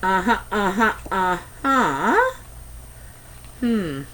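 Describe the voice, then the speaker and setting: A woman's voice: mid-range voice, sing-song, very slow, background noise. A Canadian woman giving a casual tarot reading to camera, chatty and meandering, with many ums and asides. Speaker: tarot reader.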